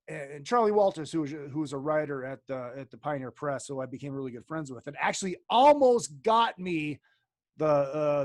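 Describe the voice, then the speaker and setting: High-voiced, rambling, swearing man. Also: no room sound, clean studio sound. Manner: rambling, heavy swearing, many fillers. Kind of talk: casual chat, storytelling.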